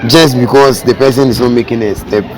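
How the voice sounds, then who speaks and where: A man's voice: mid-range voice, brisk, a crowd in the background, rough recording. A man asking passers-by questions in a casual street interview, teasing them and acting out pickup lines.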